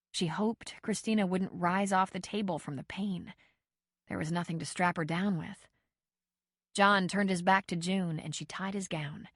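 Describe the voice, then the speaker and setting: A woman reading a novel aloud as an audiobook narrator, steady and measured. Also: lowish voice, dry recording, clean studio sound. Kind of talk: scripted narration.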